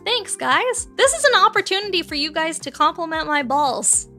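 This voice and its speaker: A woman's voice: very high-pitched, big pitch swings, normal speed, sharp tone, faint music behind. A woman from Canada, chatting playfully and giggling on a livestream while she builds a model kit. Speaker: streamer.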